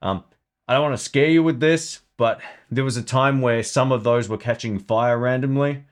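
A man's voice: mid-range voice, moderate pace. A man hosting a casual live stream about guitar gear, chatting loosely and thinking aloud.

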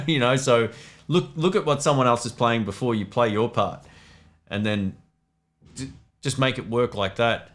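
A man's voice: medium pitch, normal speed, pauses often. A man hosting a casual live Q&A, chatting loosely and reading viewer comments aloud. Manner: relaxed, rambling, reads chat comments aloud. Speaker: livestream host answering viewer questions. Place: home studio.

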